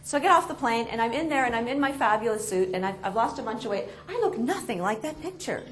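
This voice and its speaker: Animated New woman telling a story. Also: on the high side, fast talker, a crowd in the background. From New York. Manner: animated, self-mocking, expressive. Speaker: motivational speaker. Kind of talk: storytelling speech to an audience.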